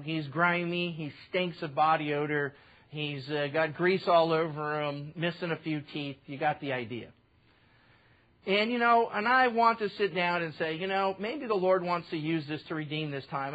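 A male pastor preaching a sermon in an animated storytelling manner, acting out the dialogue as he goes. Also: a little high, muffled recording. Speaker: guest pastor.

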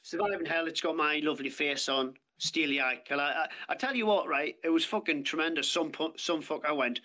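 A man's voice: a little high, brisk, hardly any pauses, bright, forceful tone. A British man telling his story as a podcast guest, plain-spoken and blunt, with heavy swearing. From Britain. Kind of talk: casual storytelling chat. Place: podcast studio.

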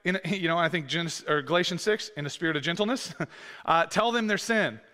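A pastor in his thirties preaches a sermon casually and conversationally, with lots of fillers and restarts. His voice is fairly high, fairly quick, bright and forceful, and the church sanctuary gives the recording a long, echoey hall reverb.

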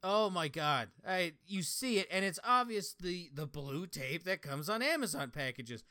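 A man's voice: high voice, animated, measured pace, bright, forceful tone, no echo, clean studio sound. Swearing young man telling rambling stories. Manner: rambling storytelling with frequent swearing. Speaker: podcast co-host. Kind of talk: casual chat.

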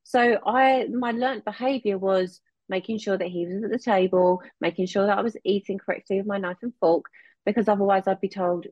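A woman's voice: mid-range voice, normal speed, a little mellow, dry recording. A woman, a counselling guest, speaking earnestly and candidly in casual conversation. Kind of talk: casual chat. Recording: dull, dry close mic.

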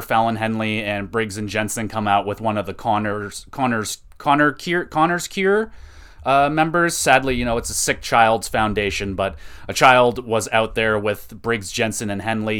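A young man hosting a podcast, reviewing wrestling matches in casual, excitable chat and swearing freely. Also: medium pitch, smooth. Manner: excitable, profane, enthusiastic.

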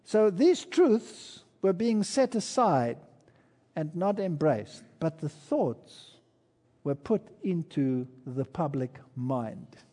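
A man's voice: on the high side, animated, slow pace, warm tone, in a large hall. A man giving an earnest, emphatic sermon-style history lecture, telling the story and adding asides from his own life. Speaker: preacher.

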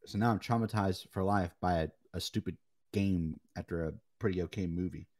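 A young man co-hosting a casual gaming chat, telling animated stories and swearing freely. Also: sits low, brisk. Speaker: podcast co-host.

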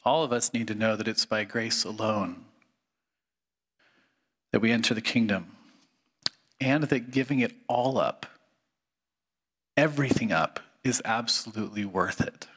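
A man's voice: lowish voice, unhurried, long pauses, fairly bright tone. A male pastor delivering an earnest, conversational sermon and reading aloud from a book, with frequent fillers.

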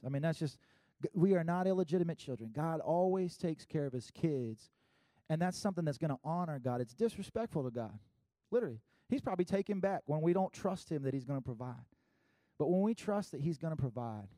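Chatty, animated preacher man from South Carolina. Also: sits high, dry recording, studio quality. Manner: conversational and animated, many fillers and quick laughs. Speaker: pastor. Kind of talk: sermon.

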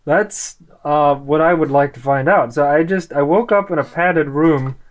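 A player in a casual tabletop role-play, making wry, deadpan remarks. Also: medium pitch, a little slow.

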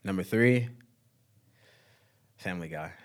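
A man's voice: low voice, slow. A young man in casual chat with friends, telling a story in laid-back slang.

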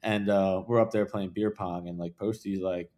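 Laid-back low-voiced man telling party stories. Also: normal speed. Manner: loose, profane, rambling storyteller with many fillers; swings from hushed asides to loud excited bursts. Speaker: podcast guest, videographer. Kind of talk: casual storytelling chat.

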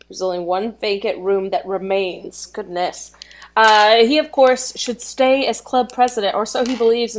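Brief: woman co-host, casual recap chatter, frequent laughs, video-call sound. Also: medium pitch. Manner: reads a summary, laughs often, stumbles on words. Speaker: podcast co-host recapping an anime.

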